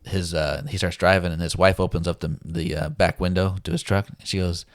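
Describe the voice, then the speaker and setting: A man's voice: low voice, little pitch movement, a little fast, no room sound, clean studio sound. A man casually telling a survival story as a podcast guest, laid-back, laughing often and acting out what people said.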